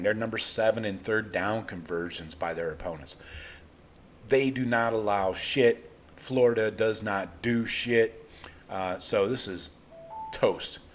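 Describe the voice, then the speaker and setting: A man hosting a live sports betting show, rambling casually and swearing freely. His voice sits on the low side. A faint room noise runs underneath. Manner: loose, rambling, profane. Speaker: host.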